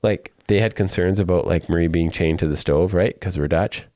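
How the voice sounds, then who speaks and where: A middle-aged man with a low, dark voice talks briskly, recorded dry with clean studio sound. Co-hosting a podcast, he tells stories in a chatty, casual way and laughs often.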